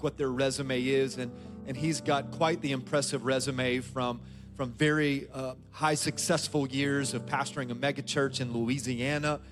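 A man pastoring a church, rousing the congregation with call-outs and then telling a heartfelt personal story as he introduces a guest. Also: medium pitch. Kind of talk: church service hosting. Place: large church auditorium.

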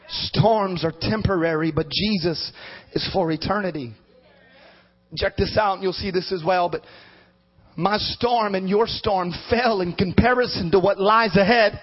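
A man with a strikingly high voice preaches a sermon as a bishop, rising into fervent shouts and then dropping to quiet asides. The recording is dull and lo-fi. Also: a little slow. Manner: emphatic preaching, swinging from shouts to low asides.

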